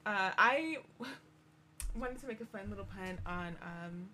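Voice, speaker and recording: A woman co-hosting a podcast, chatting about a novel with jokey, animated retellings and laughter. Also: medium pitch, slow, slight background noise. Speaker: podcast co-host. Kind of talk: casual book discussion.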